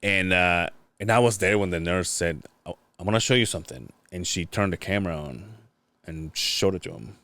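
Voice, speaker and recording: A man's voice: low-pitched, normal speed, fairly bright tone, dry recording. A man hosting a casual podcast, telling a long story with many stops and restarts. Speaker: podcast host.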